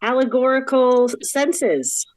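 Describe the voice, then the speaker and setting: A woman's voice: high voice, animated, unhurried, no room sound, rough recording. A woman guiding a casual podcast discussion, asking the group questions. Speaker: discussion leader. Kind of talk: casual chat.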